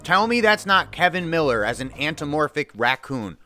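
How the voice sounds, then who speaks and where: A man giving a casual, profane commentary rant, animated and mocking. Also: a little high, brisk, faint music behind. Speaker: video commentator.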